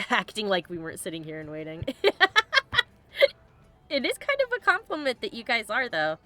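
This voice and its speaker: A woman's voice: mid-range voice, big pitch swings, fast talker, bright, forceful tone, faint music behind. A sniffly woman hosting a let's play, chatting in a bubbly, giggly way with her viewers over gameplay. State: sniffly, congested. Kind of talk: casual gameplay commentary.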